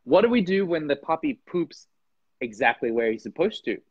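A man from Norway, a guest on a podcast, talks in a loose, animated way. He jumps up into playful voices when he acts things out. The recording is dry and close, with a slightly dull, lo-fi sound. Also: a little high, normal speed, slightly rough, no echo. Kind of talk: casual conversation.

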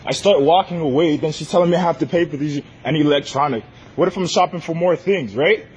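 A man filming on his phone inside a large store, loudly and insistently confronting staff who follow him. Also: on the high side, fast, husky. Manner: loud, insistent, repeating demands. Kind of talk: heated filmed confrontation. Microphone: handheld phone recording.

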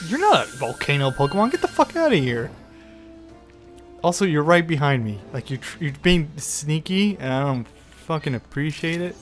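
A man giving excitable let's play commentary, swearing often and taunting the creatures on screen. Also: a little high, fairly quick, few pauses, soft background music. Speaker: gaming YouTuber.

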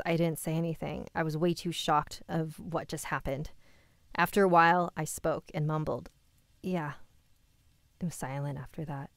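A woman reading a listener's scary story aloud, with quick asides of her own. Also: low-pitched, dry recording, clean studio sound.

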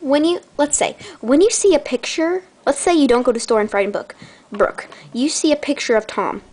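A woman's voice: sits high, normal speed, darkish tone. A teenage girl hosting her own channel, chatting in a bubbly, rambling way with dramatic gasps. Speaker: channel host. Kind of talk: casual vlog chat.

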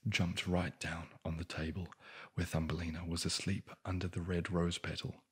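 A man whispering a bedtime fairy tale as an ASMR sleep story into a close microphone, soft-spoken, with wry joking asides. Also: low-pitched, level tone, normal speed, breathy edge.

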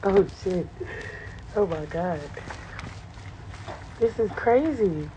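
A woman's voice: mid-range voice, lively intonation, drawn-out words, dark tone, a little hiss or hum. A young woman on a phone livestream, giddy and overwhelmed, laughing and exclaiming as she talks. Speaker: livestreamer touring her new home. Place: new house, indoors and out.

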